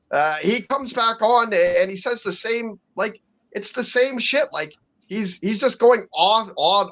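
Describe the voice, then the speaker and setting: Man, high voice, muffled lo-fi sound, blunt rambling podcast talk. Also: fairly bright tone. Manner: rambling, full of fillers and restarts, blunt. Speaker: podcast co-host. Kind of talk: casual wrestling chat. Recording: dull lo-fi audio.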